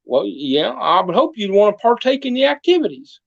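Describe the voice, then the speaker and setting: This high-pitched man's voice is gravelly, swings widely in pitch, and moves fairly quickly, heard on a muffled recording with no room sound. He plays a folksy small-town mayor telling comic tall tales in a podcast interview and voicing the people in them.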